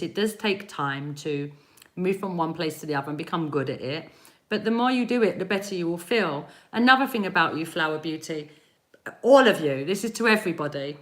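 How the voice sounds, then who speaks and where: A woman energy healer giving a live-stream spiritual reading, animated and encouraging, laughing often as she talks straight to her viewers. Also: on the low side. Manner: speaks directly to chat viewers.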